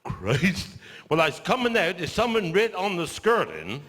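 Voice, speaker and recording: An older man with a Cornish accent telling stand-up stories, with dry deadpan asides after each punchline. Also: high-pitched, brisk, heavy background noise. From Cornwall. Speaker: stand-up comedian. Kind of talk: stand-up storytelling. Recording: live show in a large hall with audience laughter.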